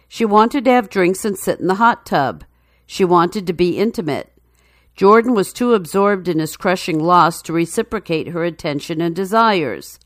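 A woman reading a news feature story in a measured, even narration. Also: lowish voice, no echo, clean studio sound.

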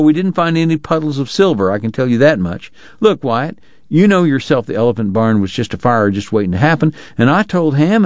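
A man's voice: mid-range voice, no echo, muffled recording, pitched above the performer's own voice. A man voicing a defensive, exasperated young male frontier sheriff.

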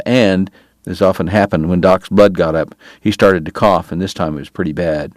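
A male audiobook narrator with a lowish voice and a dry, close sound. He tells the story evenly and steadily, in a measured read. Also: steady tone, no echo. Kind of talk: scripted narration.

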